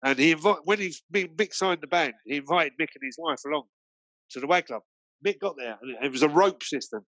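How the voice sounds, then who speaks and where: A British man, a guest DJ, spins long anecdotes with plenty of hesitations and restarts. His voice sits a little high for a man, and the sound is dry and close. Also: lively intonation, fairly quick, fairly bright tone, no echo. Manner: rambling, full of fillers and restarts. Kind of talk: anecdotal storytelling in a conversation.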